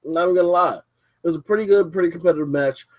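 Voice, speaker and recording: A man's voice: a little high, very fast. A young man hosting a casual podcast from his basement, rambling and cursing freely as he reviews wrestling and mocks a viewer who left. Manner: profane, rambling, mocking. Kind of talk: casual livestream podcast rant. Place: home basement.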